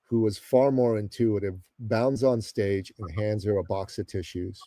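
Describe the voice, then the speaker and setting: A man from the Middle East, a guest on a podcast, telling a story with emphatic pauses and asides to the host. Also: fairly low pitch, fairly even intonation, mellow, dry recording. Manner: emphatic, addresses the host often, dramatic pauses. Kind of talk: animated storytelling in a podcast interview.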